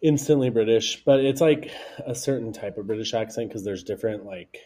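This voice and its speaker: A man's voice: on the low side, brisk, warm tone. A man from the United States co-hosting a podcast, chatting casually and rambling with lots of fillers. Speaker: podcast co-host. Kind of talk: casual chat.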